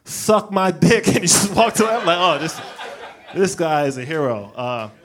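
Animated stand-up comic from Brooklyn. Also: male voice, on the high side, moderate pace, slight background noise. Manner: animated storytelling, acting out characters, laughing at own jokes. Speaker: stand-up comedian. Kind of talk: stand-up set. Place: comedy club stage.

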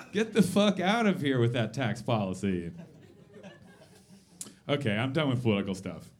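A man in his thirties doing a live stand-up set in a basement venue, swearing freely, mocking himself and tossing quick asides to the crowd. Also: mid-range voice, very animated. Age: 30s. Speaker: stand-up comedian.

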